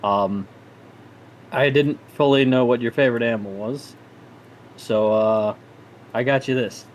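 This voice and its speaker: A man puts on an awkward uncle for a tabletop game, halting and fumbling with his fillers. The voice sits at an ordinary middle pitch. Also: slight background noise, natural voice. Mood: fumbling, sheepish.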